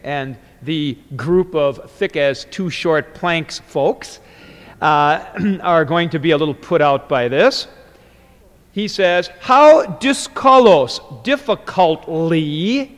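A man teaching Greek grammar in a classroom lecture, explaining step by step and wandering into asides. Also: on the high side. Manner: digressive and explanatory, with frequent fillers and restarts. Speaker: Greek New Testament teacher. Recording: long reverberant hall.

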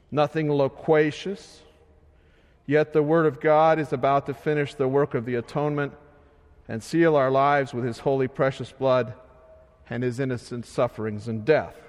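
A man preaching a sermon in a slow, measured way, his voice swelling loud and then sinking soft. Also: a little high. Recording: long hall reverb.

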